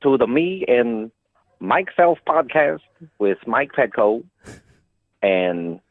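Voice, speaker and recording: A man's voice: mid-range voice, big pitch swings, slow, dry recording. A man calling in as a guest on a podcast, grumbling in mock indignation during comic phone banter. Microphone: phone call. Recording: muffled phone line.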